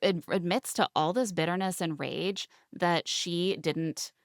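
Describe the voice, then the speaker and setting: A young woman co-hosting a podcast, recapping a reality show in animated, indignant casual chat. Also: fairly low pitch, unhurried, dry recording, studio quality. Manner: animated, indignant, quotes people in mocking voices. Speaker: podcast co-host.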